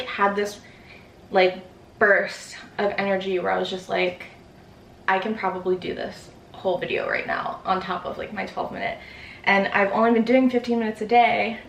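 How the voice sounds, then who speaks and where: A woman's voice: medium pitch, a bit bright, a little hiss or hum. A young woman in her twenties chatting casually in a vlog, rambling with lots of fillers, out of breath after a workout. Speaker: vlogger. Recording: echoey room.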